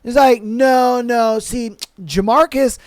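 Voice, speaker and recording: Brief: a loud, gushing woman gossiping on the phone, voiced by a man, bright and high. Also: dry recording. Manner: gushing, brash, fast. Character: chatty gossiping female passenger.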